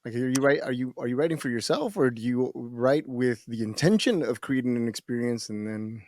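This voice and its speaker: A man's voice: medium pitch, brisk, darkish tone, dry recording, studio quality. A man co-hosting a podcast who asks curious questions, stumbling as he starts them. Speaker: podcast co-host. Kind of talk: casual podcast chat.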